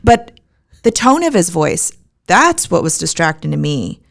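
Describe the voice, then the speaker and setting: A woman co-hosting a relaxed podcast, her voice sitting on the low side. She talks in loose, rambling sentences peppered with "like". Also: measured pace, gravelly. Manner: chatty, rambling, frequent "like". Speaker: podcast co-host. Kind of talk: casual chat about a film.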